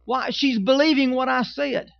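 A man's voice: very high voice, fairly even intonation, normal speed, gravelly, dry recording, dull audio. A man preaching a sermon with emphatic, repetitive phrasing and humorous asides. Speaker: pastor.

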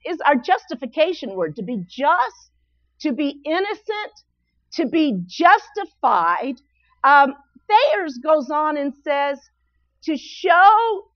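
High, lively woman preacher. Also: dry recording. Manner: animated, repeats words in bursts, laughs while preaching. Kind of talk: sermon. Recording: dull, lo-fi, dry sound.

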